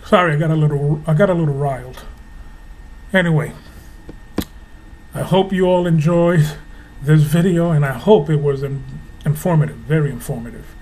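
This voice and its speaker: A middle-aged man giving an impassioned, preachy monologue to camera, hammering home rhetorical questions slowly and with emphasis. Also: on the high side, a little mellow, slight background noise. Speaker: religious video host.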